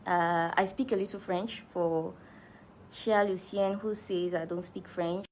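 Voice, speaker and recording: A woman's voice: lowish voice, fairly even intonation, a little slow, a little mellow, slight background noise. A woman with a Cameroonian accent, a musician chatting casually through fan questions, laughing easily and restarting her sentences. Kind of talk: casual live Q&A chat.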